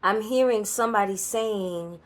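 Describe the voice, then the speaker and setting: A woman's voice: medium pitch, measured pace. A woman with a New York Puerto Rican accent giving a channeled card reading, chatty and blunt, with laughing asides. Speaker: spiritual card reader. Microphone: solo creator recording.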